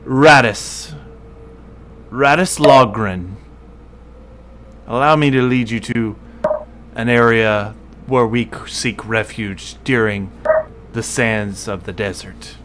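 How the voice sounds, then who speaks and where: A man voicing an intense, fiery male tiefling crime boss who speaks smoothly and inquisitively in a tabletop game. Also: mid-range voice, slow pace, pauses often, a bit bright, a little hiss or hum.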